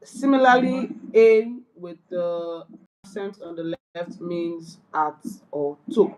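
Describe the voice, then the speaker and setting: A woman reading lesson notes aloud at a slow, deliberate pace. She stops to correct herself and apologizes when she gets confused. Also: on the low side, a little mellow, poor audio. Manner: slow, careful, hesitant, apologetic. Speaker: beginner learner, channel host.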